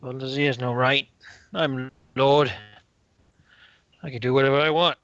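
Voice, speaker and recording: A man's voice: mid-range voice, fairly even intonation, moderate pace, fairly bright tone, no room sound, muffled recording, lightly acted. A man voicing a drunken, bitter old lord who talks in a slurred, sulky, rambling way. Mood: petulant.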